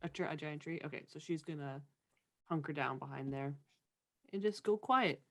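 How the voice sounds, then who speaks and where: A woman's voice: deep voice, moderate pace. Hesitant woman playing a tabletop game. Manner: hesitant, lots of questions. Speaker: player.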